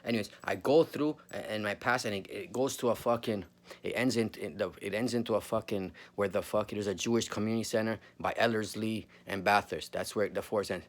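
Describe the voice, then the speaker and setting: A man's voice: fairly low pitch, a little fast. A man, telling a story casually, full of slang and swearing. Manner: slangy, swears a lot, says bro often.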